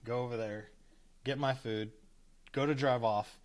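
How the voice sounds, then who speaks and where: A man in his thirties, a podcast co-host, telling a casual story with lively, cursing asides and acted-out quotes. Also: mid-range voice, unhurried. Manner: animated, acts out quotes with cursing.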